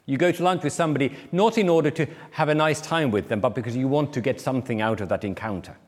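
A man's voice: mid-range voice, fast, in a large hall. A man preaching a sermon, explaining a parable and briefly acting out the people he quotes. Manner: explanatory, acts out quoted speakers.

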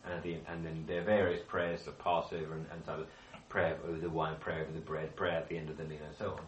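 A man delivers a Bible study lesson fast and flatly, his voice very low. He often asks the group questions and begins sentences again, captured at a distance in an echoey room with a faint hum.

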